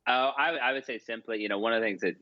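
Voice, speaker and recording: A man's voice: medium pitch, fast, dry recording, muffled recording. A man in his forties, a columnist telling stories as a podcast guest, chatty and self-deprecating with frequent restarts. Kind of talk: casual storytelling interview.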